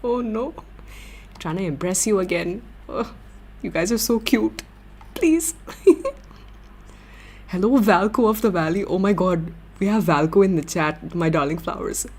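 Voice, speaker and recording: A young woman hosting a livestream, chatting with viewers in an excitable, giggly way. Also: mid-range voice, unhurried, pauses often, breathy edge. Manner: excitable, giggly, gushing fan talk. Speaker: livestream host. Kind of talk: casual chat with viewers.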